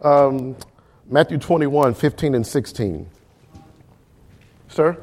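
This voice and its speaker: A man's voice: mid-range voice, expressive, slow pace, a little mellow. A man leading a Bible study class, asking the group questions, checking in often and repeating words for emphasis.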